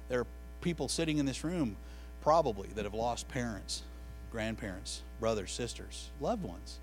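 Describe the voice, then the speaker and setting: A man preaching a sermon to a room of listeners, telling stories in an animated way that builds to loud, excited peaks. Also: mid-range voice, rough recording. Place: room with an audience.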